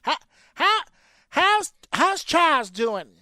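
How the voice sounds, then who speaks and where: A man's voice: extremely high pitch, big pitch swings, slow, pushed and bright, no echo, studio quality, voice pushed up, exaggerated voice. A man voicing a worried, stern grandmother of a student who stammers and frets. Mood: fretful.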